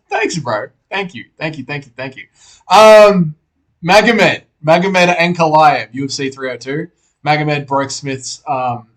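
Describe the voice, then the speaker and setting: A young man with an Australian accent chats through a live stream at his computer, slightly high in pitch. His talk is loose and laid-back, full of banter and swearing as he answers chat. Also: a bit bright. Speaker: livestream host reading chat.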